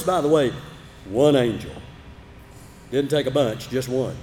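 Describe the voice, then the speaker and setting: A man preaching a sermon, telling a Bible story dramatically, moving from loud emphatic bursts to low, quiet asides. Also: lively intonation, normal speed, long pauses. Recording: long hall reverb, faint background noise.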